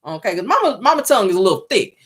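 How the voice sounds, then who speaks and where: A woman's voice: medium pitch, very animated, rapid-fire, slightly rough. A woman casually recapping a reality TV episode, talking sassily straight to her viewers. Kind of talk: casual show recap commentary.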